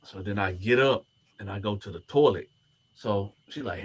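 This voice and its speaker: Quick and slightly rough, a low-voiced former inmate tells an animated story to camera. He voices the other characters' lines himself as they come up.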